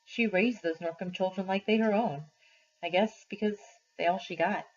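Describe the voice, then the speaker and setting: A woman teacher reading a novel aloud to her class, slowly and expressively, on a dull lo-fi recording. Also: medium pitch. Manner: slow, deliberate expressive reading.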